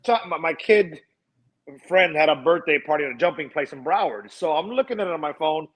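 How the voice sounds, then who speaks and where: A man's voice: fairly high pitch, animated, a little fast, breathy edge, poor audio. A man co-hosting a sports podcast over a video call, laughing as he tells his stories. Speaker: podcast co-host. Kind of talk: casual sports chat.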